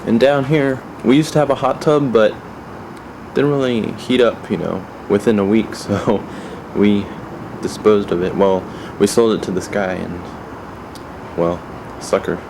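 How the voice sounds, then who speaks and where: A man with a low, gravelly voice gives a rambling tour of his family home, dropping wry asides as he goes. He speaks offhand and casual. The audio comes from a hissy 1990s camcorder mic. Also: unhurried. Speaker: home video maker giving a house tour. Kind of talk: casual handheld house tour. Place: family house, indoors and garden. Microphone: camcorder built-in mic.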